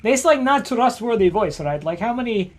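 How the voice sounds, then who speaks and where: Joking player, lively pitch. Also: moderate pace. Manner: joking, rambling with many fillers. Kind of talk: casual chat at a gaming table.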